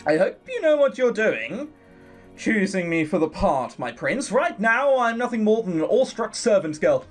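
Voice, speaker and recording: A man's voice: high-pitched, sing-song, moderate pace, soft background music, pitched above the performer's own voice. A man reading the lines of a nervous young servant girl who babbles self-consciously. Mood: flustered.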